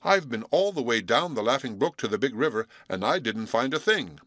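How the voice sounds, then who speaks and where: A man voicing a slim, quick young male mink in a storybook, brisk and dismissive. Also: mid-range voice, very animated, a bit bright, no room sound, studio quality, voice pushed up.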